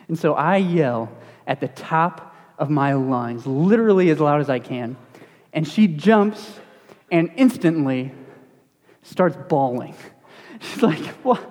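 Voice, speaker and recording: A young man, a student pastor, giving a casual, conversational sermon in a church, animated and self-deprecating. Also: a little high. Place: church sanctuary. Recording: long hall reverb.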